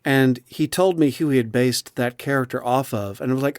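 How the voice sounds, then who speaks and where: A male audiobook narrator talks in a relaxed interview, animated and expressive, often restarting his sentences. His voice sits in an ordinary middle register for a man. The recording is dry and close, with no room sound. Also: mid-range voice, brisk, no echo. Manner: chatty and expressive, many restarts. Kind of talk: casual interview chat.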